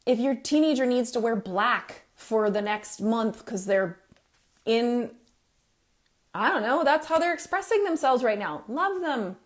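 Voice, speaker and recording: A woman's voice: a little high, expressive, unhurried. A middle-aged woman giving earnest, emphatic advice to parents, with fillers and restarts. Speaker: parenting coach.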